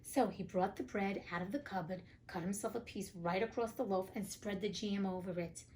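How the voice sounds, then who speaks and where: A woman's voice: mid-range voice, steady tone, normal speed, darkish tone, slight background noise. A young woman hosting an audiobook podcast, reading a fairy tale with cheeky, profane side comments. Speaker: podcast host and audiobook reader. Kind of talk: casual storybook reading with asides.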